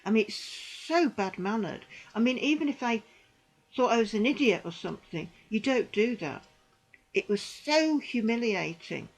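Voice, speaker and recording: Middle-aged woman ranting bout her church days, indignant, says things twice, kinda high voice. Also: lively intonation, normal speed, low-quality recording. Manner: indignant, repeats phrases for emphasis. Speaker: vlogger recounting church experiences. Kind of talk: personal testimony, emphatic monologue.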